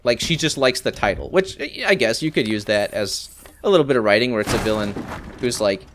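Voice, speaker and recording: Guy narrating his game run, big swings in pitch, grumbly asides. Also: sing-song, brisk, fairly bright tone, a little hiss or hum. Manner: rambling, exasperated asides. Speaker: let's play host. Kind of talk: casual gameplay commentary.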